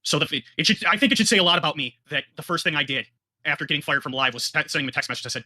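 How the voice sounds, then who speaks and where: Fast, bright-voiced emotional man. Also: fairly high pitch, dry recording. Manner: heated, apologetic, earnest. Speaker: show guest. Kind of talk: emotional livestream statement.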